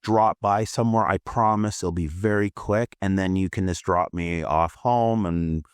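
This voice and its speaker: A man's voice: deep voice, moderate pace, smooth, no room sound, clean studio sound, natural voice. A man voicing a young woman who turns snotty and snide, then sweetly insistent. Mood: coaxing.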